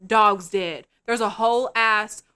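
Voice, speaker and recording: A woman co-hosting a podcast, retelling a film scene in a profane, animated chat. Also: mid-range voice, takes it slowly, clean tone. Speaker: podcast co-host. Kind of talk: casual movie-review chat.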